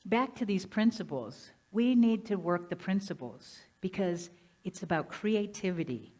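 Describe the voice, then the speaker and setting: A woman minister giving a lively, conversational sermon, often asking the congregation questions. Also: mid-range voice, measured pace. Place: church sanctuary.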